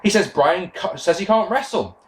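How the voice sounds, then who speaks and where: A young man with a high-pitched voice recaps a wrestling show at a moderate pace, ranting casually and sarcastically with plenty of swearing. As a wrestling podcast host, he stays animated throughout, over slight background noise.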